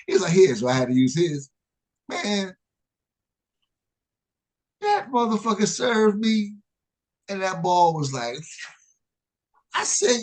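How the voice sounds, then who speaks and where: A man co-hosting a casual chat, telling stories with lively swings and laughing often. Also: unhurried, long pauses. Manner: animated, jumps high when quoting people, laughs often. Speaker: podcast co-host.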